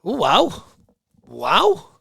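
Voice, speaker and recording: A man's voice: high voice, wildly swooping pitch, gravelly, pushed and bright, slightly rough, no echo, clean studio sound. A man co-hosting a podcast, chatting casually with lots of laughs and swearing. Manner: laughing, swearing, quick banter. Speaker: podcast co-host. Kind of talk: casual chat.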